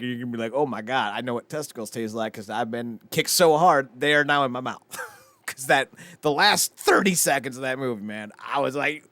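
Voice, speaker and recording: A man co-hosting a podcast in casual chat, animated and profane, often laughing as he talks. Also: mid-range voice, no room sound. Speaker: podcast co-host.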